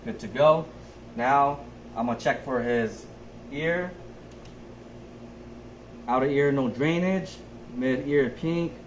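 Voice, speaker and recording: Taking it slowly with long pauses, a young adult male nurse speaks in a mid-range voice. He methodically explains a physical assessment step by step for a skills demonstration, recorded in an echoey space with faint background noise.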